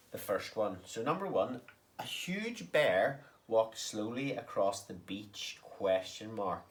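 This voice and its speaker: A man teaching a recorded online lesson to young children, patient and sing-song, with questions that rise at the end. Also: medium pitch. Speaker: primary school teacher.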